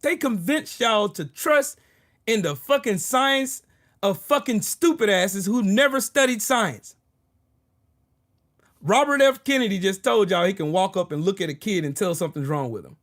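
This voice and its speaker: Angry dude ranting on his channel, high voice swinging all over, cussing a lot, sarcastic, repeats himself. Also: lively intonation, normal speed, fairly bright tone. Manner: repeats short phrases for emphasis. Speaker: political commentary channel host. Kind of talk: solo ranting commentary video.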